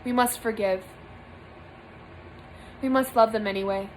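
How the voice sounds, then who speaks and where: A young woman speaks earnestly to her camera, giving a spiritual monologue from a small room. Her voice sits a little high, and she leans on repeated phrases for emphasis. A faint hiss of background noise runs under the recording. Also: fairly even intonation, measured pace, rough recording. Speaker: spiritual vlogger.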